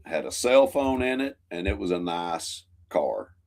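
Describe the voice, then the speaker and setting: A man with a very low voice co-hosts a loose talk show. His pitch moves around a lot as he drops short, dry reactions and the odd longer aside. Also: very animated, a little slow, creaky, a little mellow. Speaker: podcast co-host. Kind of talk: casual chat.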